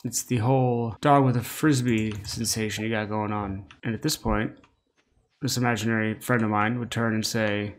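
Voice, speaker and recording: A tired man hosting a relaxed gameplay commentary, sassy and rambling with joking asides. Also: on the low side, normal speed, slight background noise. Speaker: let's play host.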